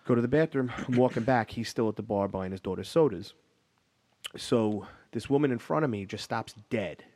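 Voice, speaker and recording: A man hosting a casual chat, an animated storyteller who laughs often. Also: mid-range voice, normal speed.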